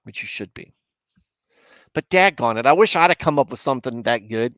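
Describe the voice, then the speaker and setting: A man's voice: mid-range voice, big pitch swings, brisk, a bit bright, no room sound. A man hosting a casual livestream, chatting with viewers in a rambling, self-mocking way with mock indignation. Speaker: livestream host.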